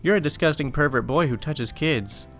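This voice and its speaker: A man's voice: fairly high pitch, normal speed, fairly bright tone, faint music behind, pitched above the performer's own voice. A man voicing a rude, entitled mother who speaks in a demanding, insulting way. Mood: angry accusing.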